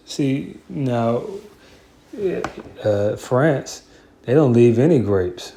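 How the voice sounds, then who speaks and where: Mellow-voiced man ranting over scripture. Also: mid-range voice, animated, very slow. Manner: heated, profane, rambling with many fillers. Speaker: Bible commentator. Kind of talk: casual scripture commentary.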